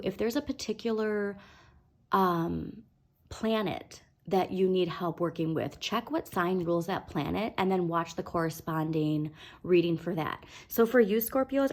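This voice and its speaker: A woman's voice: fairly low pitch, a little mellow. A woman giving a casual tarot reading, encouraging her listeners and often checking in with "okay?". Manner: fillers and restarts. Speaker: tarot reader.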